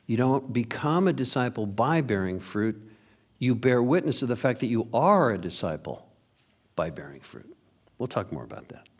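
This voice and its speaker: A male pastor preaching a sermon, reading scripture slowly and with emphasis, then breaking into lively asides to the congregation. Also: mid-range voice, breathy edge.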